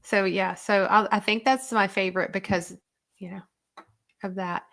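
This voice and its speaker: A woman's voice: mid-range voice, steady tone, moderate pace, creaky, fairly bright tone. A woman hosting a casual online chat, answering viewer questions in a chatty, rambling way with lots of fillers. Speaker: host and diet coach.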